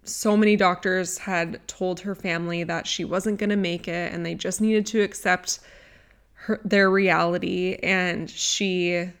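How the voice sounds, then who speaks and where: A woman with a mid-range voice hosts a podcast, introducing her guest with effusive enthusiasm. She speaks directly to her listeners in a warm, chatty way. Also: medium pitch, smooth. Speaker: podcast host.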